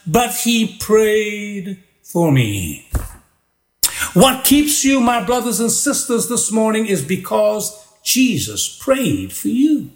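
A man's voice: very high voice, fairly bright tone. A pastor preaching a sermon, building his points through repeated rhythmic phrases.

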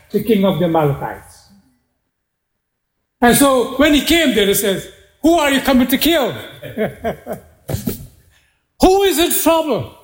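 A man preaching a sermon, retelling a Bible story with animated dialogue for its characters. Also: very high-pitched. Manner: animated storytelling, voicing biblical figures in dialogue. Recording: roomy hall echo.

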